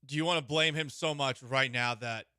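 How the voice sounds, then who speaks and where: A man co-hosting sports talk radio who puts measured, probing questions to his partner. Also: mid-range voice, pushed and bright, clean tone, no room sound.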